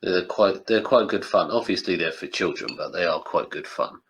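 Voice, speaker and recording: Man, low voice, casual podcast banter, laughs a lot. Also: moderate pace, fairly bright tone, slight background noise. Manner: chatty, laughs often, drops into mock quotes. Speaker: podcast host. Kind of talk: casual chat.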